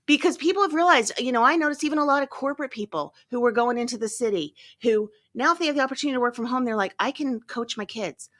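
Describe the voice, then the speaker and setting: A middle-aged woman from Tennessee hosting a podcast in lively, chatty conversation, laughing often. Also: on the high side, fast talker, hardly any pauses. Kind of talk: casual chat.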